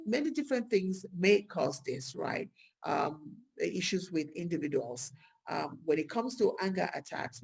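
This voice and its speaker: Woman, vlogger, raspy, gravelly, casual talk, lively delivery. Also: on the low side. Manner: lively, rhetorical questions, acts out quoted speech.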